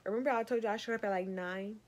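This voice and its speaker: Young woman, storytime vlogger, exasperated, lively delivery, talks straight to the viewers. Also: medium pitch, very fast. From Savannah, Georgia. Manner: animated, exasperated, addresses viewers as y'all. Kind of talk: storytime rant.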